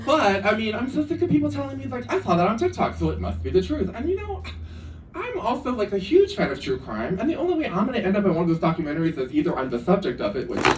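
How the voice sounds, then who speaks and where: A man's voice: high-pitched, very animated, quick pace. A man doing a stand-up comedy set in a club, campy and self-deprecating, chatting with lots of asides. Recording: echoey club room, distant mic, audience noise. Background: audience laughter.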